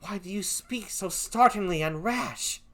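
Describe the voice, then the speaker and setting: A streamer reading a gentle, pleading young noblewoman in a put-on English accent during an amateur play reading. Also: medium pitch, unhurried, pitched above the performer's own voice, close to an everyday voice. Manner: earnest, pleading verse reading.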